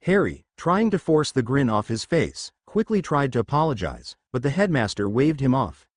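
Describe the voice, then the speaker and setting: A man reading fan fiction aloud as a storyteller, in a lively, expressive way. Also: medium pitch, moderate pace, no room sound, studio quality.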